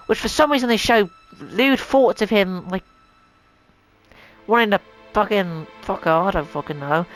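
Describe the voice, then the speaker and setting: Woman vlog host, casual exasperated rant, lots of swearing, slightly high voice, soft music underneath. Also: poor audio. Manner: rambling, profane, exasperated. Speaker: channel host. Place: home room.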